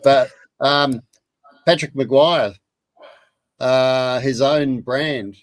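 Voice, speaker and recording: An Australian man in his sixties telling a story in casual chat, lively and repeating his words as he goes. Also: mid-range voice, very slow, no room sound, poor audio. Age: 60s. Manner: animated anecdote teller, repeats words.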